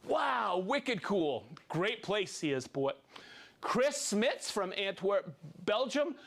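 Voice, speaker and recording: A man's voice: sits high, very animated, a bit bright. A man hosting a live stream, reading out viewers' names and hometowns in an upbeat, playful way. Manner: upbeat, playful, reads names and places quickly. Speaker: host.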